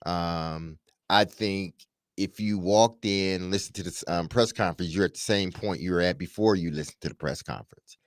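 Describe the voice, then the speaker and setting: A man co-hosting sports talk radio, speaking in a measured, hesitant way with frequent pauses. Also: low-pitched, no room sound, clean studio sound. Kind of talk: radio talk show discussion.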